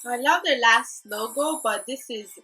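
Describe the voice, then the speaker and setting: Young woman, casual reaction vlog, gushing, emotional, slightly high voice. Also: unhurried, loud music behind the voice. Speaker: YouTube reactor. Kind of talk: casual music video reaction.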